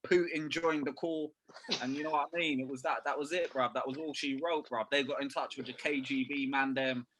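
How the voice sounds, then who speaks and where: A young man co-hosting a casual podcast talks football in a mid-range, fairly bright voice, fairly quick and with fairly even intonation, over slight background noise. He's slangy, swears, and keeps saying "bruv."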